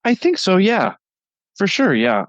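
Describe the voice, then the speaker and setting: Speaking a little slowly in a high voice whose pitch swoops wildly, a man appears as a guest cartoonist on a casual podcast interview. His talk is enthusiastic, rambling, and thick with fillers, captured in a dry, lo-fi recording.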